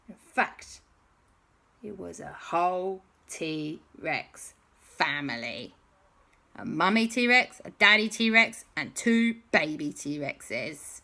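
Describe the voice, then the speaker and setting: A woman telling an improvised children's story, animated, with sound effects and dramatic pauses. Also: low voice.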